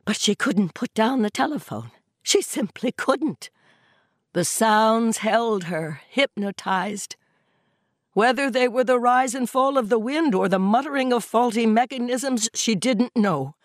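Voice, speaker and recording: A woman narrating a horror story as an audiobook, reading in an expressive, suspenseful way. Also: fairly high pitch, unhurried, dry recording, clean studio sound.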